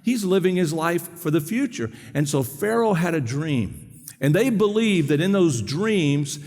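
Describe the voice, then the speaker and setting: A man pastor giving a sermon in a church, talking quickly and conversationally and putting questions to the congregation. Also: fairly high pitch, lively intonation, a little mellow, long reverb tail. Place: church sanctuary.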